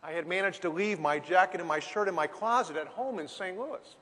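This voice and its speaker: Man, business speaker, storytelling, dramatic pauses, long hall reverb. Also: sits high, a bit bright. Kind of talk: storytelling talk.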